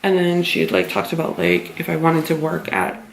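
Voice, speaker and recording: Chatty young woman with a gravelly voice. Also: low-pitched, normal speed, echoey room. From Massachusetts. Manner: rambling, animated storytelling with many "like" fillers. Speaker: vlogger. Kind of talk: casual vlog chat. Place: home kitchen.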